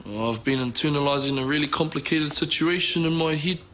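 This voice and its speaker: A man's voice: a little high, a little fast, fairly bright tone, a little hiss or hum, close to an everyday voice. An actor playing an anxious young man fretting over a drunk friend in a TV ad.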